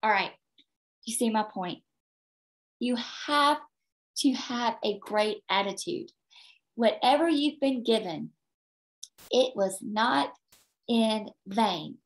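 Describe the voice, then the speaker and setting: A woman's voice: a little high, expressive, takes it slowly, long pauses. Woman, team leader, motivational training, emphatic, repeats herself, video call. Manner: emphatic, repeats points, tags "okay?".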